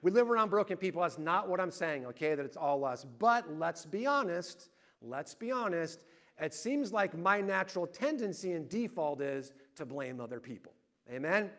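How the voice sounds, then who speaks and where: A middle-aged man preaching a sermon, telling lively family stories and acting out the voices in them. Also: a little high, moderate pace. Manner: animated storyteller, acting out family arguments loudly. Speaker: pastor.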